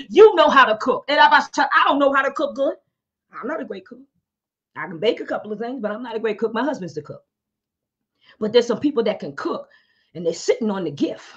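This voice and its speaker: A woman pastor with a high-pitched voice preaches with fervor, exhorting her listeners emphatically. She breaks into hallelujahs and speaks in tongues between her points. She is speaking over a video call. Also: slightly rough, dull audio. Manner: exclaims hallelujah, bursts into tongues. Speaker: pastor and talk show host. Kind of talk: fervent preaching.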